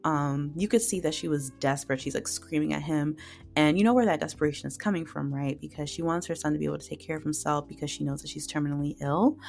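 A woman's voice: low voice, fairly even intonation, a little fast, creaky, faint music behind. A woman hosting a podcast, casually and emotionally retelling drama episodes with lots of fillers. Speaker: podcast host reviewing dramas. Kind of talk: casual solo review.

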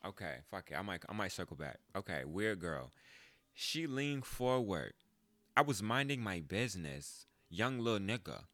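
Man in his twenties, podcast host, lively swooping pitch, bright voice, close dry mic. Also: moderate pace, no echo. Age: 20s. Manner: animated, profane, jumps into high mock voices when quoting. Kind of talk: casual storytelling monologue.

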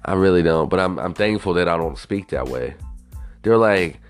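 A man from the United States speaks in a low voice that still swings widely up and down as he rambles. His talk is casual and profane, and he keeps turning to the listener with "you know what I mean?". Soft music plays faintly behind him. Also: animated, normal speed. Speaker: monologuist.

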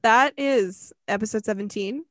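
A young woman co-hosts a podcast. Her voice sits a bit high. She tells a story in a loose, animated way, laughing and swearing all through it, and the sound is close and dry. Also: normal speed, no echo. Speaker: podcast co-host. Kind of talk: casual storytelling chat.

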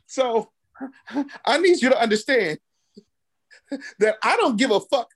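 A woman co-hosting a podcast in loose casual chat, with a high voice that swings widely up and down. She talks with brash swagger and plenty of profanity. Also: lively intonation, a little slow. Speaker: podcast host.

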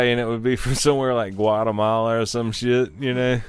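A man's voice: mid-range voice, fairly even intonation, normal speed, few pauses, smooth, no echo. A man reading news stories aloud at his computer desk and mocking them in a casual, profane commentary, swearing freely and laughing at his own jokes. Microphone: desk microphone.

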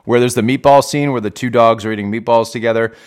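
A man from Canada hosting a casual sports podcast in a steady mid-range voice. He teases and jokes with easy, playful banter. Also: mid-range voice, quick pace. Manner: joking, teasing banter. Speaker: podcast host.

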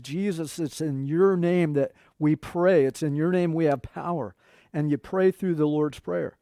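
A man's voice: a little high, moderate pace, darkish tone, no room sound, clean studio sound. A middle-aged man preaching a sermon in a conversational way, quoting scripture and talking to his congregation. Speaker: pastor.

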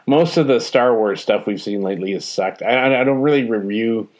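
A man with a fairly low voice gives a casual spoken review. He talks hesitantly, with frequent ums and restarts. He is frank and sounds mildly exasperated. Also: normal speed. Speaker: show reviewer.

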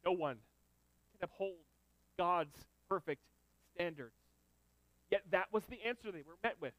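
Male preacher, fairly high voice, emphatic sermon delivery, dry close recording. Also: unhurried, pauses often, dry recording, muffled recording. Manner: emphatic, swings between loud build-ups and quiet asides.

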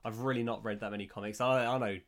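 A man's voice: lowish voice, steady tone, fast talker. A man co-hosting a casual film podcast, easygoing, laughing often and sometimes unsure of details. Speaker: podcast co-host. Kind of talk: casual film commentary chat.

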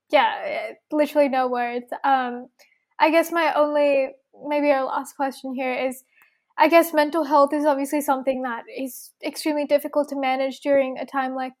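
A woman interviewer who speaks in a gushing, emotional way, in halting phrases. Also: sits high, steady tone. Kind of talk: interview questions.

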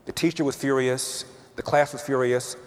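A man's voice: medium pitch, steady tone, normal speed. A man giving an emphatic storytelling speech, repeating words to build each point. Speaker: speaker telling a personal story. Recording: long reverb of a hall.

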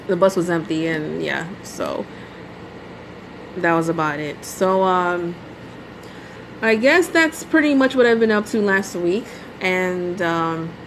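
A woman hosts her own podcast and rants casually about her experiences, filling her speech with "you know" and "like" and dropping in the odd swear word. Her voice sits in an ordinary middle pitch. A faint hum runs in the background. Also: low-quality recording. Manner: exasperated ranting storytelling, full of "you know" and "like"; mild swearing. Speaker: podcast host. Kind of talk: casual solo podcast monologue.

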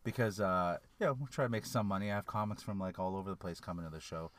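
A man's voice: sits low, fast talker, fairly bright tone. A young man hosting a casual podcast from inside a car, teasing his co-host and rambling with restarts. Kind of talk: casual banter in a parked car.

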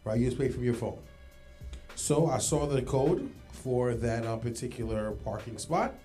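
A man's voice: medium pitch, dark tone. Podcast guy telling a story, keeps going "right?", bit of music behind. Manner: storytelling, quick, says "right?" often. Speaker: podcast co-host. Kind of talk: casual chat.

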